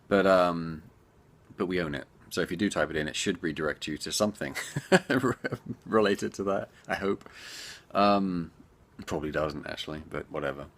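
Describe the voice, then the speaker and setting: A man's voice: deep voice, normal speed, a bit bright. A man who develops indie games, answering viewer questions in a chatty, rambling way and talking straight to the viewers. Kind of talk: casual Q&A chat.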